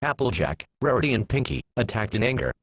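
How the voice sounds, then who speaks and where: A man narrating a fan fiction story in a plain, steady reading voice. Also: medium pitch, fast, a little hiss or hum.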